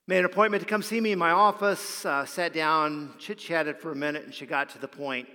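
A man's voice: fairly high pitch, steady tone, fairly quick, hardly any pauses, pushed and bright. A man, a pastor, preaching a sermon and telling a story, often repeating a word as he starts a phrase. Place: church sanctuary. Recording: long hall reverb.

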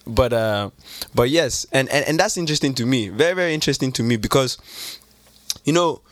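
Jovial Nigerian uncle, as a podcast host puts him on, chatty and teasing, dry close sound. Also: male voice, medium pitch, lively intonation, a little fast, no echo, lightly acted. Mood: hearty. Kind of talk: casual podcast chat.

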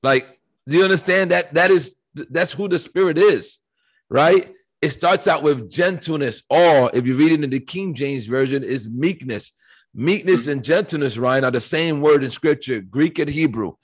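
A man co-hosting a faith podcast, talking in an animated, emphatic preaching style with rhetorical questions and scripture quotes. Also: on the high side, moderate pace, husky. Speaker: podcast co-host.

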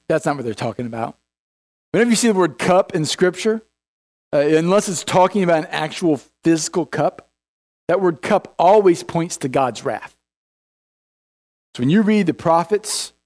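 A man preaching a sermon as pastor, in a folksy, conversational way full of restarts, acting out the figures he quotes. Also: fairly high pitch. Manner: acts out biblical figures in quoted voices.

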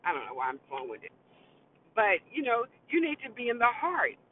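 A man's voice: wildly swooping pitch, moderate pace. A man hosting a show, talking in a long-winded, rambling way full of fillers. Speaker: host. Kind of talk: casual commentary monologue. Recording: tinny phone-like sound with faint vehicle rumble.

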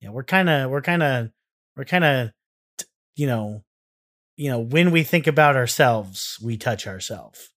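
A man co-hosting a podcast in casual chat, rambling and circling back with halting repeats. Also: medium pitch, animated, a bit bright. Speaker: podcast co-host.

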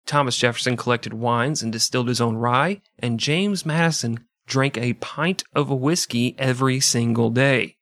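A man from the American Midwest co-hosting a comedic history podcast, telling the story with deadpan, crude tangents. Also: mid-range voice, normal speed, hardly any pauses, dry recording, clean studio sound.

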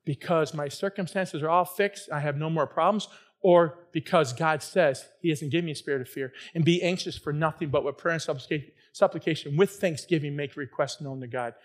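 A man preaching a fervent sermon, his delivery swinging from quiet, earnest passages to loud, near-shouting bursts. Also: fairly high pitch, fairly quick. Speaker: pastor.

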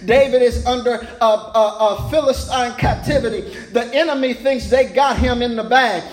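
High-voiced preaching pastor, echoey. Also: male voice. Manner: repeats words in rising preaching cadence. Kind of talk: sermon.

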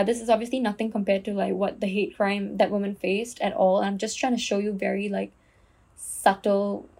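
A woman's voice: mid-range voice, vocal fry, a little mellow, breathy edge. A young Singaporean woman hosts her own podcast and talks straight to the listener. Her Singaporean English accent is easy to hear, and she tells her story earnestly, with plenty of likes and restarts. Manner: earnest, storytelling with many fillers. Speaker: podcast host. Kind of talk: casual solo podcast talk.

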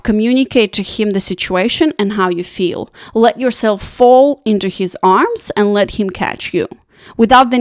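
A woman's voice: mid-range voice, dry recording, studio quality. Earnest woman coach giving frank advice. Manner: earnest, conversational, leans on "like" and "you know". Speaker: life coach. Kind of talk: advice monologue to camera.

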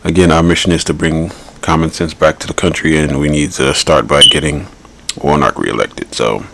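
A man's voice: a bass voice, fairly even intonation, moderate pace, gravelly, a bit bright. A man hosting a podcast, giving blunt, rambling political commentary and repeating his points. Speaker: podcast host.

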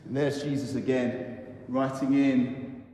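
Slow, reflective vicar in echoey church. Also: male voice, mid-range voice, little pitch movement, dark tone, slight background noise. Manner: reflective, storytelling with pauses. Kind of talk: sermon talk.

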